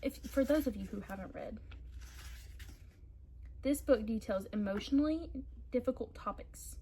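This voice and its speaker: A young woman chatting casually to camera about books, rambling and animated. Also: fairly high pitch, normal speed, slight background noise, rough recording. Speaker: book vlogger.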